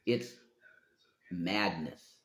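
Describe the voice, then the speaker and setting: A man's voice: sits low, very slow, fairly bright tone. A man talking on his own live stream in a meandering, profane monologue, often trailing off mid-sentence. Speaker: livestreamer. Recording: roomy echo.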